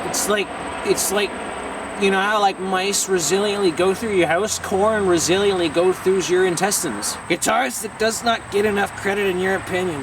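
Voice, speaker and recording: A young man from Ontario, Canada, with a high voice, answering fan questions with shouty, loose energy and frequent swearing. He sits back from the mic. Street and car noise come through clearly behind him. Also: recorded from a distance. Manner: loud, shouty and excitable, swearing casually. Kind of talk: casual vlog Q&A.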